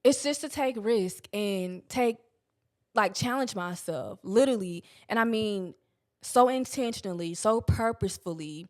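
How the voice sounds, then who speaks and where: A woman's voice: medium pitch, measured pace, darkish tone. A young woman hosting a podcast, talking candidly about self-help in a casual, blunt way, swearing freely and stretching words for emphasis. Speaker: podcast host.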